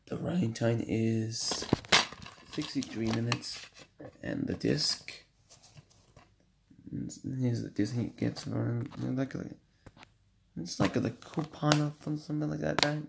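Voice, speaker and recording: A man at home casually showing off his DVD collection, reading out running times in a halting, stumbling way. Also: mid-range voice, vocal fry. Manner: shouts at noisy kids, then apologizes. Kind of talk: casual home video show-and-tell. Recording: faint background noise.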